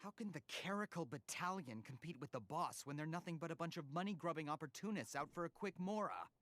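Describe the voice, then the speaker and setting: A man's voice: on the high side, expressive, fast, a bit bright, slight background noise. An actor playing a smug, scheming male cult member and info broker in a game, who talks in a sneering, mocking way.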